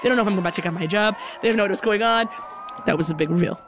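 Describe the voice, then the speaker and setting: A young adult woman telling a comic personal story in an animated way, acting out the people in it. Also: mid-range voice, very fast, a crowd in the background, background noise. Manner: animated, acts out other people's voices.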